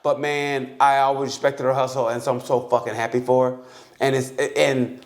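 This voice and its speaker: Profane, animated man telling a story. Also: medium pitch, normal speed. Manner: profane, animated storyteller, breaks into laughter while recounting. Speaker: podcast co-host. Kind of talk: casual podcast chat.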